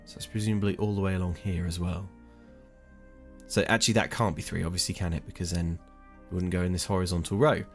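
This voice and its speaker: A man's voice: low-pitched, steady tone, fast, soft background music. A young man giving casual gameplay commentary, thinking aloud and muttering in exasperation over puzzles. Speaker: let's play streamer.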